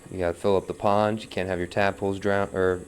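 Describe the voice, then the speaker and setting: A man's voice: deep voice, little pitch movement, fast. A man teaching wheel-throwing as he works, talking through each step and counting pulls under his breath. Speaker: pottery instructor. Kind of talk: live throwing demonstration.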